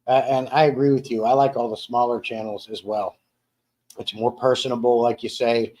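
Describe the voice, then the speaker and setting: A man's voice: medium pitch, little pitch movement, moderate pace, mellow, slight background noise. A man hosting a casual home live stream in an easy, rambling way. He often restarts his sentences and repeats words as he reads viewer comments aloud and chats. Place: dining room at home.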